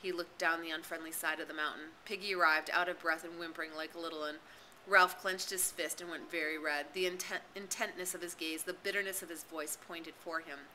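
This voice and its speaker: A woman's voice: low-pitched, steady tone, fairly quick, pushed and bright, a little hiss or hum, poor audio. A woman narrating a novel as an audiobook, reading expressively and dramatically. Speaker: reader and tutor.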